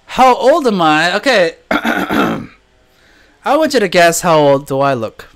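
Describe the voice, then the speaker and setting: A man's voice: high-pitched, huge pitch swings, takes it slowly, gravelly, a bit bright. A man answering viewer questions in a casual live chat, telling stories and laughing often. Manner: chatty storytelling, laughs often.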